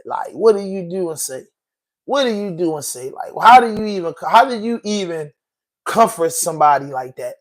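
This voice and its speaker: High-voiced man ranting on a podcast. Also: sing-song, moderate pace. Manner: emotional, repetitive, slangy, keeps saying bro. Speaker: podcast host. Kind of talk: casual commentary monologue.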